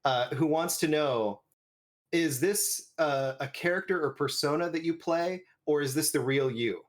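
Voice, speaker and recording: A man's voice: fairly high pitch, unhurried. A man hosting a podcast in casual chat, easygoing, reading out a listener question. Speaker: podcast host.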